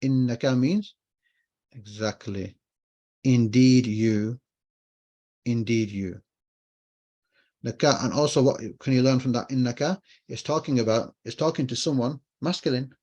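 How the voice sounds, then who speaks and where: A man's voice: mid-range voice, normal speed, darkish tone, husky, muffled recording. Man teaching an online language class. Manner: explains patiently, repeats phrases, asks and answers his own questions. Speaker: Arabic teacher.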